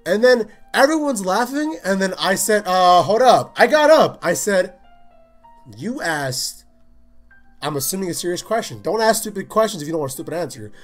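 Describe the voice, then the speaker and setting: A young man hosting his own podcast, telling a story in a casual, animated rant, swearing freely and acting out what people said. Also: high-pitched, moderate pace, soft background music. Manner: animated, swears a lot, acts out quotes in voices. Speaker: podcast host.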